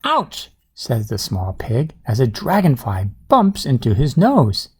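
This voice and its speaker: A man's voice: medium pitch, very animated, unhurried, darkish tone, breathy edge. A man reading a storybook aloud at bedtime, with playful asides to a child listener. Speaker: storybook reader.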